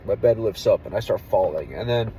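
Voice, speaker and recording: A young man, an army veteran, tells a story in a low, mellow voice, candid and full of casual swearing. He lowers to a near hush when the story turns tense. Faint traffic noise from outside sits under his voice. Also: animated, a little fast, low-quality recording. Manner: candid, profane, drops to a hush for tense moments.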